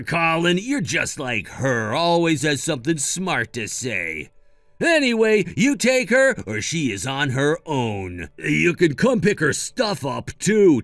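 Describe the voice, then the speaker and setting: A man's voice: fairly high pitch, dry recording, full character voice. Man voicing a selfish, demanding brother. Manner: blunt and entitled, turns pleading and shouting.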